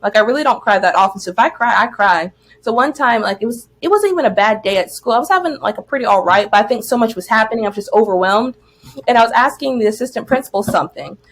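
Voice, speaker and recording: A woman's voice: fairly high pitch, expressive, quick pace, fairly bright tone. A young woman co-hosting a podcast, telling stories in a casual, chatty way and laughing often. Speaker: podcast co-host. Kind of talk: casual chat.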